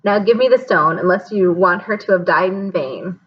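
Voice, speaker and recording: A woman reading aloud, voicing a cold, cruel male dark lord in a menacing, commanding way. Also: medium pitch, normal speed, highs cut off, natural voice.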